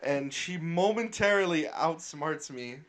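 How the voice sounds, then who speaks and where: A man's voice: a little high, measured pace, crowd noise. A man retelling a story in casual podcast chat, swearing freely and getting emotional. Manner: animated, swears a lot, gets emotional. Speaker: podcast co-host.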